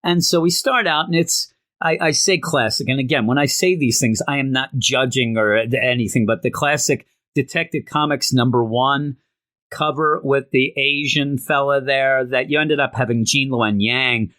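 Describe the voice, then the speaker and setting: A man casually reviewing an old comic book, rambling and retelling the story with animated asides. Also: mid-range voice, normal speed.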